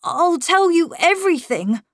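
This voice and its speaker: A woman's voice: very high voice, sing-song, unhurried, no echo, clean studio sound, voice pushed up, exaggerated voice. A woman reading a storybook and voicing a young boy who is brave but secretive, speaking earnestly. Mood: eager.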